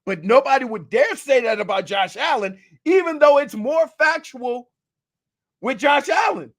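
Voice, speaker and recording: A high-pitched man talking sports on the radio, quick to laugh and eager to press his point. He repeats words as he builds an argument in loose, casual talk. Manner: animated, emphatic, laughs often, repeats words.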